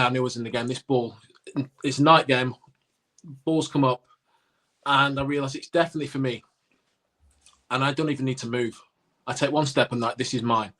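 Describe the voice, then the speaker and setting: A man telling a story on a podcast with plenty of drive, acting out the shouts of fans and teammates along the way. He talks at an ordinary middle pitch, and his delivery is casual and conversational. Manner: animated anecdote-telling with acted-out quotes. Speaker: podcast co-host, former cricketer.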